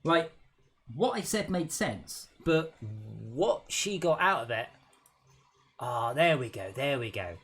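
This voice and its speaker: A man's voice: fairly high pitch, animated, slow, fairly bright tone, faint music behind. A young man, a game developer, chatting casually on a livestream while he works, thinking aloud and often trailing off mid-sentence. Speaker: game developer streaming his work.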